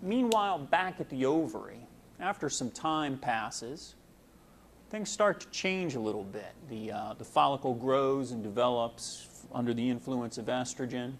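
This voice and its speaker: A man's voice: medium pitch, expressive, moderate pace, a little hiss or hum. A man giving a casual medical lecture, folksy and full of fillers, explaining with homely analogies.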